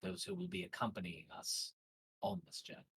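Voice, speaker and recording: A man's voice: sits low, huge pitch swings, brisk, creaky, fairly bright tone, breathy edge, heavily acted, rough recording. A man voicing a male spellcaster in a tabletop game, asking earnest questions.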